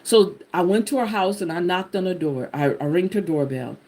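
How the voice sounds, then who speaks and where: A woman host telling a personal testimony to her viewers in an animated, expressive way, talking to them directly. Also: lowish voice, a little fast. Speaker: channel host sharing a personal story.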